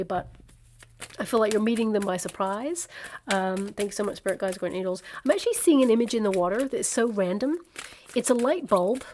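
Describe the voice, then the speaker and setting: A woman with a medium-pitched, slightly mellow voice gives a casual tarot reading to the camera. She's chatty and reassuring, thinking out loud and using lots of fillers.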